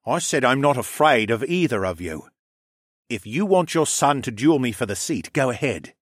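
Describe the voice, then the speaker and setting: A man's voice: medium pitch, sing-song, moderate pace, no room sound, studio quality. A man voicing a cold, commanding young male noble who speaks in clipped, authoritative lines. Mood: menacing.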